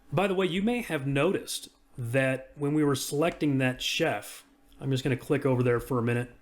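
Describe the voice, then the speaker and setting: Brief: everyday male reviewer, mid-pitched, easygoing screen-demo narration. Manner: casual, talks through each click. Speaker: software reviewer. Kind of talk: screen-recorded software walkthrough.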